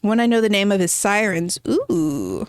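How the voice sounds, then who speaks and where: A woman's voice: mid-range voice, fairly even intonation, a little fast, a little hiss or hum. A woman streaming a game from home, chatting casually and rambling as she answers her chat.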